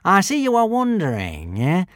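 A man's voice: mid-range voice, sing-song, a little slow, no echo, studio quality. A man voicing a treacherous, scheming villain in an audiobook, with a sneering, hissing drawl. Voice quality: sneering, hissing drawl, mangled foreign words. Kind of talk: audiobook character voice.

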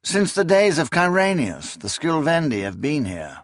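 Man putting on a refined, high-voiced noble officer. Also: huge pitch swings, moderate pace, no echo, studio quality. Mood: musing, superior. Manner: polished, lecturing tone. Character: refined aristocratic male imperial officer, learned and smug.

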